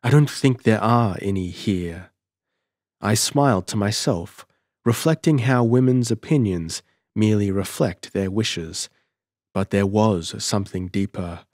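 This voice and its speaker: A man narrating a first-person adventure story in a measured, deliberate way as an audiobook reader, on a close mic. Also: low-pitched, darkish tone, no echo.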